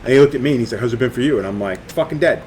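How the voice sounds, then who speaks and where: A man's voice: medium pitch, very fast, darkish tone, a little hiss or hum. Blunt, swearing middle-aged man host. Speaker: podcast host and tattoo artist. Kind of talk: casual chat.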